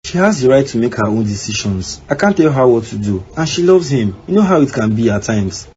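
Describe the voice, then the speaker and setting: Man doing a defensive cartoon husband, mellow voice, faint hiss. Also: medium pitch, big pitch swings, a little fast, close to an everyday voice. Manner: defensive, evasive. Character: evasive young husband named King. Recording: slightly dull with faint background noise.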